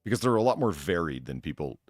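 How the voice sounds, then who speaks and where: A man with a low voice hosts a casual conversation about accents. His pitch swings widely as he gets animated, and he swears casually. The recording is dry and close. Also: quick pace, dry recording. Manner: animated, swears freely, trails off mid-sentence. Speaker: podcast host.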